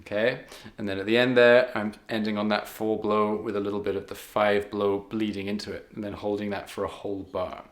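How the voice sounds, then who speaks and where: A man's voice: lowish voice, level tone, a little fast, reverberant. A man teaching harmonica in a patient, step-by-step way, counting beats aloud. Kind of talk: step-by-step music lesson.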